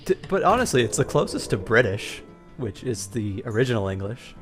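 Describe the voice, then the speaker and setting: A man's voice: medium pitch, sing-song, brisk, faint music behind. A young man from Southern Massachusetts in a casual storytime chat, laid-back and agreeable and laughing along. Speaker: co-host.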